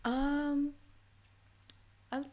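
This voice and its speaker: High-voiced giggly woman, slow-spoken. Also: flat delivery, a little mellow. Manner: giggly, brief replies. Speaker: podcast guest. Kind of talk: casual podcast chat.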